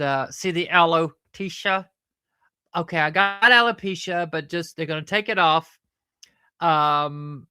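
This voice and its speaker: A woman who hosts a show with her puppet and chats in a rambling, halting way. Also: low voice, sharp tone, clean tone, no room sound, studio quality. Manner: rambling, halting, fond of fillers. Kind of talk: casual chat.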